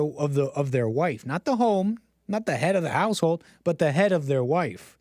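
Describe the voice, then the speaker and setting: A man's voice: high-pitched, animated, moderate pace, a little mellow, no echo, clean studio sound. Rambling sarcastic man on a livestream. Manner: rambling, sarcastic, mocks others with exaggerated gasps. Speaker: livestream host. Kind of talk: casual livestream commentary.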